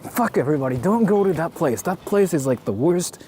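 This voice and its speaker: A man streams IRL from a city street on a handheld camera, his voice a little high and his delivery brisk. He chats casually, excitable and self-deprecating, with plenty of swearing and slight background noise.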